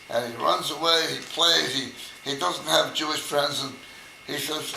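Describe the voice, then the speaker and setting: An older man tells jokes at a birthday party at a slow, unhurried pace. His voice is gravelly but bright, and his pitch swings widely. The recording picks up a roomy echo. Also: slight background noise. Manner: slow, deliberate storytelling with hesitations. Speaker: joke teller. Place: room at a family birthday party.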